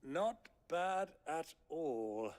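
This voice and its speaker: A hammy noble uncle in a game. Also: male voice, on the high side, animated, extremely slow, darkish tone, slight background noise. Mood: scheming. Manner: grand, hammy stage delivery. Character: theatrical older nobleman uncle posing as villainous buyer. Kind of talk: video game cutscene dialogue.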